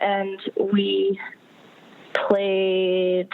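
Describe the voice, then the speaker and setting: A woman in her thirties, a podcast guest getting over a cold with a slight vocal fry, chatting frankly and swearing casually. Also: mid-range voice, steady tone, drawn-out words, long pauses, narrow, tinny audio. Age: 30s. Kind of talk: casual chat.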